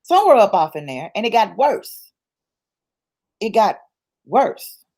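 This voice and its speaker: Her mid-range voice swings widely in pitch and has a darkish tone as she speaks unhurriedly. The woman is an interview guest giving personal testimony, colloquial and rooted in church, emphatic and repetitive as her points build.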